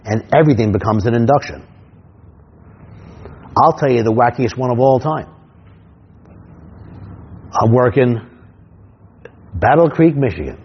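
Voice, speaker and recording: A man who works as a stage hypnotist teaches his craft and tells comic stories from the stage, animated and full of quick restarts. His voice is somewhat husky at a middle pitch. The recording is dull and lo-fi.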